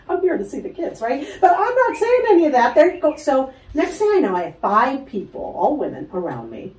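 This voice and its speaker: A woman telling a personal story as a guest in an interview, animated, acting out the voices of other people and laughing often. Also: high-pitched, normal speed, roomy sound, recorded from a distance, rough recording. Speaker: guest, spiritual healer.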